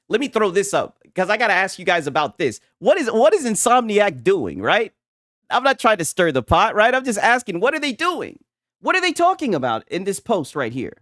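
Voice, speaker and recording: A man's voice: high voice, a bit bright, no echo. Give me a male streamer who laughs constantly and teases his chat, voice bouncing all over, bone-dry. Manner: mocking, laughs often, profane. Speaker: gaming commentary streamer. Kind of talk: casual livestream commentary.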